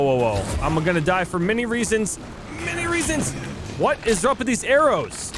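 A man commentating his own gameplay, excitable and loud when surprised, muttering sarcastically when things go wrong. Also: sits high. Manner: excitable, swings to loud exclamations. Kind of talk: let's play commentary. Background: game music.

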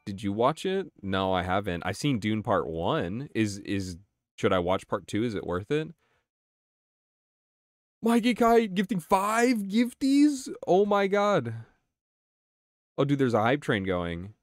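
A young man chatting casually on his game live stream, excitable, swearing and reacting to chat. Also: fairly low pitch, a little slow, no room sound, studio quality.

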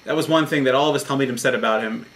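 A man's voice: medium pitch, very fast, fairly bright tone. A man, a rabbi, giving a short Torah talk in an earnest, explanatory storytelling manner.

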